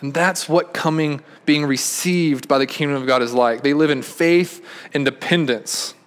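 A man preaching a sermon as pastor, earnest, often repeating and restarting phrases, swinging from emphatic peaks to quiet, soft statements. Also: a little high, moderate pace.

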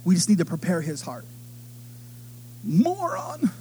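A middle-aged man preaching a sermon, telling stories with animated delivery and acting out the voices of others. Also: high-pitched, fairly quick. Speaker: pastor.

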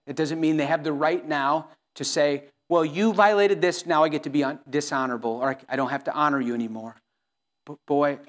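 A middle-aged man preaches to his congregation, earnest and pleading. His voice sits a little high for a man. He often breaks off and restarts his sentences as he presses his point. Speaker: pastor. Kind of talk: sermon.

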